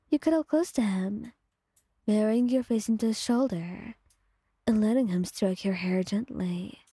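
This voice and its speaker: A woman with a breathy voice telling a calm second-person story in soft ASMR narration, close to the mic. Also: a little high, dry recording.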